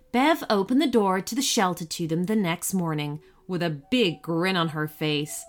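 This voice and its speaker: A woman narrating a scripted children's story in an expressive, storytelling way. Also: on the low side, moderate pace, hardly any pauses.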